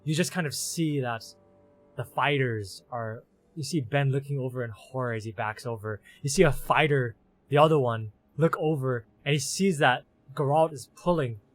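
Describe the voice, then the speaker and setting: Guy gm narrating his homebrew game, mid-pitched voice, just keeps chaining clauses with "as" and "you see". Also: moderate pace. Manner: run-on storytelling, strings clauses with "as". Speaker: game master.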